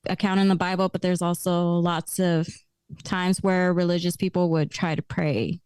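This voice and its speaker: A young adult woman telling stories as a podcast guest in casual chat, lively and laughing often. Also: lowish voice, normal speed, clear, resonant tone, no room sound.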